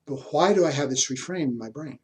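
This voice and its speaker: A man's voice: on the high side, brisk, a little mellow. An older man lecturing on history, telling a reflective personal story and repeating words as he searches for them.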